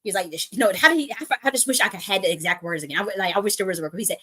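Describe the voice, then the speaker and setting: Rambling, profane woman with a lowish voice. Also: lively intonation, racing, few pauses, a bit bright, slightly rough. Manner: profane, restarts often, breaks into laughs. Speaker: spiritual reader. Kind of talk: rambling personal storytelling.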